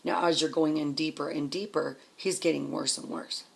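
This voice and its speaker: A woman in her fifties telling her own story candidly and emotionally, blunt and quick to swear. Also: low voice, fairly even intonation, vocal fry, breathy edge, low-quality recording. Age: 50s.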